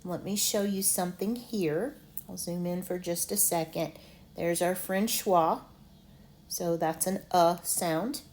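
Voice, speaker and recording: A woman teacher gives an online lesson, talking slowly and deliberately. She breaks long words into syllables with patient care. Her voice sits fairly low. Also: a little mellow. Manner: slow, deliberate, sounds out syllables. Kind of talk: online lesson on medical word pronunciation.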